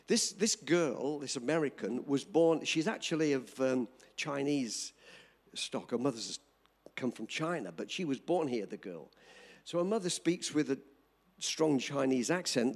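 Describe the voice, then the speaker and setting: An older man preaching a storytelling sermon to a live audience, animated and emphatic, speaking directly to the crowd. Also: on the high side, moderate pace.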